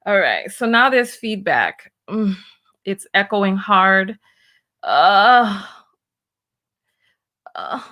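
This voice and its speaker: A woman hosting a reaction video, flustered and stammering as she pauses and sorts out her audio. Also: mid-range voice, very animated, sharp tone. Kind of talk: casual reaction commentary.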